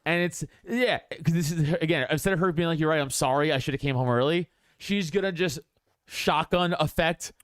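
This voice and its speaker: A man's voice: on the high side, fairly quick, no room sound, studio quality. A young man co-hosting a podcast, telling a story in casual chat, acting out quoted voices and laughing often. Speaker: podcast co-host.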